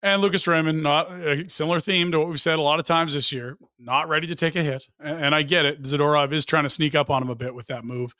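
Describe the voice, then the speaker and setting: A man's voice: on the high side, steady tone, fast talker, hardly any pauses, sharp tone, no echo, clean studio sound. A man hosting a hockey podcast, upbeat and teasing as he sets up clips. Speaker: podcast host. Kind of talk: casual sports talk.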